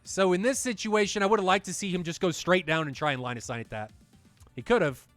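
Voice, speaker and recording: A man giving excitable play-by-play commentary on a flight combat match, talking straight to the viewers. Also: sits high, fast talker, dry recording, faint music behind. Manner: excitable, talks to the viewers directly. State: out of breath at times. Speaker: esports commentator.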